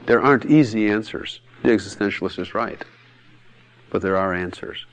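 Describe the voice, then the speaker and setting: With a voice on the low side and a moderate pace, this pastor delivers a teaching talk like a sermon. He is blunt and emphatic, frequently laughing and voicing quotes as other characters.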